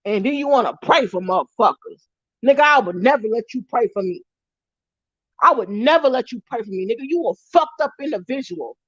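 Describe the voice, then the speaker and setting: A woman's voice: fairly high pitch, animated, brisk, a bit bright, no room sound, lo-fi sound. Heated woman ranting on a livestream. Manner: heated, repetitive, profane ranting. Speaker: live-stream vlogger. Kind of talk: angry ranting live stream.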